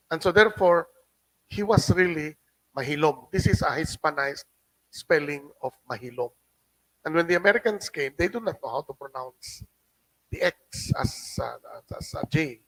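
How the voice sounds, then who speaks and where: A middle-aged man with a Cebuano accent, giving a halting lecture as a guest speaker and often adding a questioning "no?". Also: on the high side, fairly bright tone, dry recording, poor audio. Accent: Filipino, Cebuano. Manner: halting, with frequent restarts and tag "no?". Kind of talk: lecture reading a translated document. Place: hotel function room.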